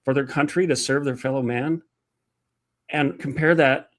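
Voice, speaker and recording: A man's voice: medium pitch, fairly even intonation, moderate pace. Indignant man hosting an interview. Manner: indignant, rising to outrage. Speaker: host. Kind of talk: heated interview.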